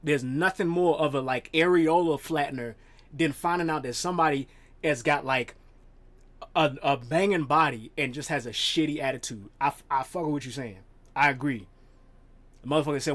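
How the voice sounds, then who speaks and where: A man streaming live, chatting casually with his viewers, profane and animated, rambling and laughing as he talks. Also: on the high side, moderate pace.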